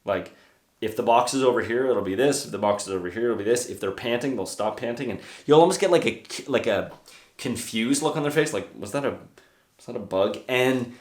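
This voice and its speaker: Young male trainer, casual hands-on teacher, mid-pitched, echoey room sound. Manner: brisk, hands-on explaining with demonstrations. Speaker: dog trainer. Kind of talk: casual instructional talk. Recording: roomy echo.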